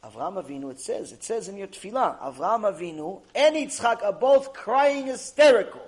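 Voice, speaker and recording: A man, a rabbi, teaching a Torah lecture, retelling the story dramatically with sudden loud and soft swings and Hebrew religious terms. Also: sits high, animated, fairly quick.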